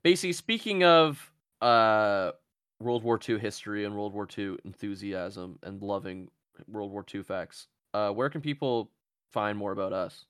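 A man hosting a casual comedy podcast. He rambles from joke to joke and swears freely. His voice sits low, and the recording is dry and close. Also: measured pace, fairly bright tone, clean tone, dry recording. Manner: profane, joking, rambling. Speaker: podcast host.

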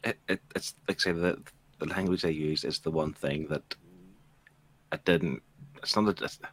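A man's voice: extremely low pitch, fairly even intonation, normal speed, a bit bright. A man on a book club podcast, chatting casually and often restarting his sentences.

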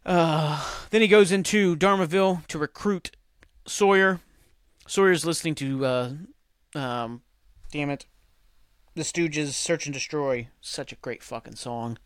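On his own podcast, a man with a slightly high voice gives a casual solo recap at an unhurried pace, with fairly even intonation. He rambles loosely, swears, and leans heavily on "like" and "um." The recording is clean studio sound with no room noise.

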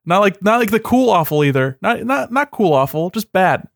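A man's voice: high-pitched, big pitch swings, moderate pace, gravelly, dry recording, studio quality. A man in a casual chat, sardonic and swearing often, with lots of "like". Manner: sardonic, heavy swearing, many "like" fillers.

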